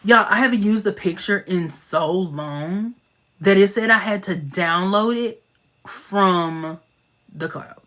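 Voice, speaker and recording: A man hosting a casual livestream chat, playful and slangy, talking into his phone with quick asides. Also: sits high, fairly bright tone. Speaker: livestream host.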